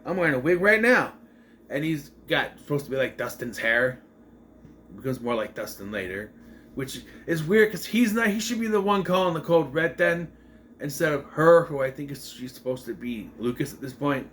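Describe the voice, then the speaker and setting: A young man casually rambles through a review of a TV episode, chatting and revising what he says as he talks. His mid-range voice moves at normal speed with a fairly bright tone, over a faint hiss or hum.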